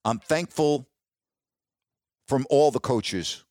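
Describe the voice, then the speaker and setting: A middle-aged man, a sports broadcaster, telling stories casually and warmly, dropping his voice when he quotes others. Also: slow pace, no room sound, studio quality. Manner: warm, reminiscing, quotes others in a lowered voice. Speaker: sports broadcaster, podcast host. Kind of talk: casual storytelling monologue.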